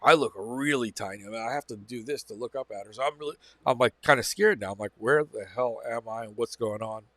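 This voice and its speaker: A man's voice: medium pitch, a little fast, hardly any pauses, bright, forceful tone. A man with a mid-range voice recounts a personal experience straight to camera, casual and meandering, circling back and restarting his sentences. The sound is dry, with no room echo around him. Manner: rambling, repeats phrases, self-corrects. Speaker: channel host. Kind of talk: casual first-person storytelling.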